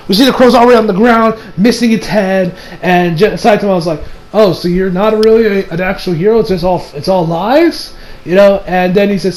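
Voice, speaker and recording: A man's voice: high-pitched, slight background noise, poor audio. A young man giving a rambling, casual recap of an anime episode, acting out the characters' lines and laughing as he goes. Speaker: anime reviewer.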